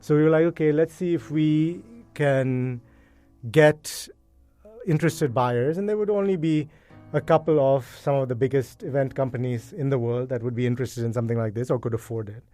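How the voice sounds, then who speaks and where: A middle-aged man, a guest in an interview, telling his story in a casual, animated and emotional way. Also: mid-range voice, normal speed, faint music behind. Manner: animated, emotional, acts out past dialogue. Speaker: guest, event co-founder.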